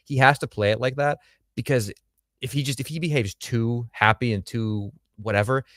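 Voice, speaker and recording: A man's voice: mid-range voice, steady tone, moderate pace, a bit bright, no echo, studio quality. A man co-hosting a casual show review livestream, blunt and crude with joking asides. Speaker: podcast co-host.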